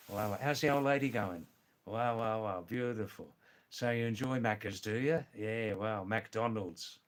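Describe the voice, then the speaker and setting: A man's voice: on the low side, slow pace, pauses often. A man hosting a live stream, casually chatting with viewers, greeting them by name and repeating exclamations. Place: seated indoors.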